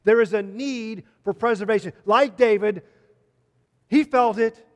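A man with a high voice preaching a sermon in an earnest manner. He leans on repeated phrases for emphasis. The sound rings with the long echo of a hall. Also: a little slow.

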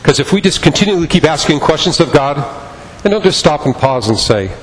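A man's voice: on the high side, expressive, a little fast, big-room sound, slight background noise, low-quality recording. A man preaching a sermon as pastor, impassioned and repetitive in his cadence.

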